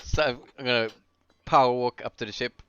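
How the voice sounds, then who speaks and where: A man's voice: medium pitch, fairly even intonation, moderate pace, background noise. A man playing a tabletop game in a laid-back way, often stumbling over his words. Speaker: player. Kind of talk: casual tabletop play. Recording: dull lo-fi sound.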